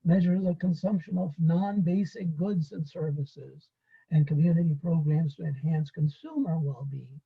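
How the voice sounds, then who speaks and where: A man with a raspy, breathy voice that sits a little high gives an unscripted webinar lecture. He talks through his points with fillers and restarts. His voice comes through a computer mic on a video call, and the audio is dull and lo-fi. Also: fairly even intonation, normal speed.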